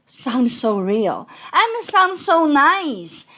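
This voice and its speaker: High-voiced accountant woman explaining scams. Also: a little slow, hardly any pauses. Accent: non-native. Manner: conversational, animated, explanatory. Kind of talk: educational talk.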